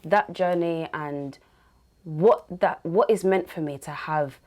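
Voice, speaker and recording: Lively woman hosting a podcast. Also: sits low, measured pace. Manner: animated, laughing storyteller. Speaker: podcast host. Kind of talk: casual interview chat.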